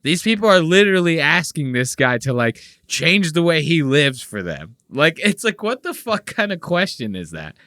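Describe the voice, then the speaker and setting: Bright, crisp male host, dry close sound, crude jokey banter. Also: a little high, normal speed, few pauses, no echo. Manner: profane, joking, animated. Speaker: podcast host. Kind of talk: casual podcast banter.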